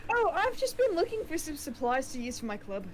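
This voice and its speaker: A woman's voice: high voice, very animated, brisk, voice pushed up. A woman voicing a sweet, popular teenage schoolgirl who runs a club, speaking with a put-on New Zealand accent while reading a visual novel aloud. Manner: bubbly and coaxing.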